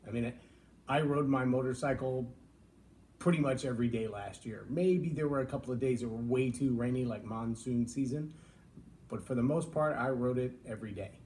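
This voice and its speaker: A man's voice: mid-range voice, moderate pace, a little mellow, a little hiss or hum. A middle-aged man from Texas hosting a live-stream vlog in a folksy, reflective way with jokey asides. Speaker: vlog host. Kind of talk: casual live-stream talk.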